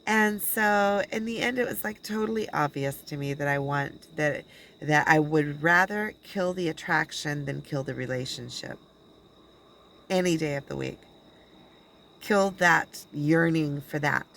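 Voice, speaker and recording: Rambling low-voiced woman talking to camera. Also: vocal fry, fairly bright tone, slight background noise, poor audio. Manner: rambling, halting, with many restarts and quoted dialogue. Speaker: spiritual channeler and video blogger. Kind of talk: casual personal monologue.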